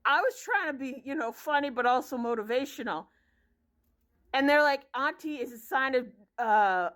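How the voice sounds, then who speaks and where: Woman, 30s, high-pitched vlogger, blunt profane ranting storyteller. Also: fairly bright tone. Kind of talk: casual vlog rant.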